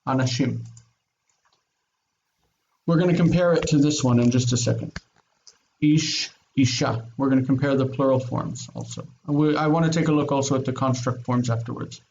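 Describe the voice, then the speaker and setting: A man's voice: mid-range voice, fairly quick, vocal fry, darkish tone. A male Hebrew teacher giving an online grammar lesson, explaining patiently, repeating words and checking understanding with "okay?". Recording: dull lo-fi sound with faint noise.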